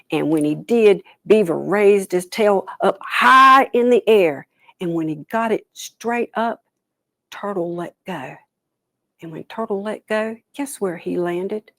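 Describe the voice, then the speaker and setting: A woman storyteller telling a traditional folktale aloud, animated, with dramatic pauses and soft whispered asides. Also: fairly low pitch, gravelly, dry recording.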